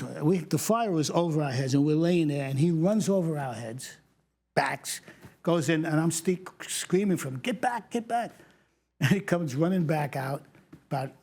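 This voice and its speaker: New man, 60s, retired fire captain; lively anecdote-teller, slightly raised pitch. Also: husky. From New York. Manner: animated storyteller, acts out quoted lines, laughs often. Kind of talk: casual interview storytelling.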